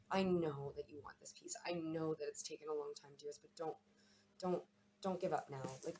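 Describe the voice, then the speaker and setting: Fast-talking low-voiced woman reader. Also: slight background noise. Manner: chatty, warm-hearted, repeats words. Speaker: tarot and astrology reader. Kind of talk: casual reading to camera.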